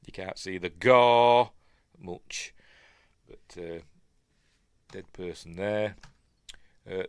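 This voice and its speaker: A man's voice: lowish voice, no room sound. Rambling Yorkshire man reviewing a film. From Yorkshire, England. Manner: rambling, muttering asides to himself. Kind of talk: casual film review commentary.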